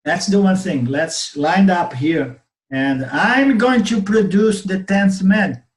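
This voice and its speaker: A man with a Brazilian Portuguese accent voicing a calm, bearded old sage in a spoken parable, talking in a reassuring way. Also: high-pitched, slow, pitched above the performer's own voice. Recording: roomy webinar audio.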